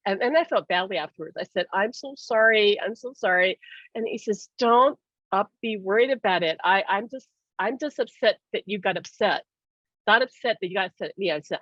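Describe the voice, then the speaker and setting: A woman's voice: mid-range voice, dry recording. A woman hosting a casual spiritual talk, chatty, laughing often and acting out the voices she quotes. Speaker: host. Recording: dry, dull lo-fi sound.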